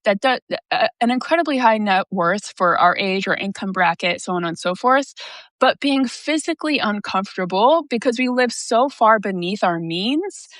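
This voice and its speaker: A woman's voice: mid-range voice, animated, normal speed, fairly bright tone, no echo. A young woman who works as an intuitive reader, talking casually and at length to her audience, rambling, swearing and using lots of fillers. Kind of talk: casual monologue to camera.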